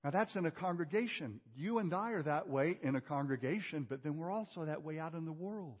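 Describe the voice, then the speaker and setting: A male pastor preaching a sermon, asking rhetorical questions and swinging from loud emphasis to hushed tones. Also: on the high side, expressive, brisk. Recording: dull audio with long hall reverb.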